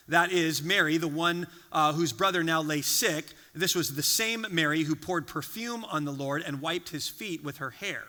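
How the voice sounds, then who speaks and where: A man preaching a sermon in a church, telling a story with lively, animated delivery and acting out the people he quotes. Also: on the high side, normal speed, few pauses, in a large hall. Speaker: pastor. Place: church sanctuary.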